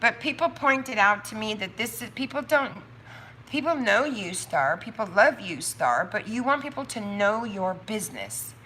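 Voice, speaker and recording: A woman chatting on her own live stream about her soap business, thinking out loud with quick asides and laughs. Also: medium pitch, animated, a little hiss or hum. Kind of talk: casual livestream chat.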